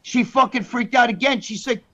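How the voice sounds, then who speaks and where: A man's voice: very high-pitched, normal speed, fairly bright tone, lo-fi sound. A man telling crude stories on a podcast panel, hyper and rambling, swearing constantly. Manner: hyper, profane, rambling storyteller. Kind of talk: crude storytelling chat.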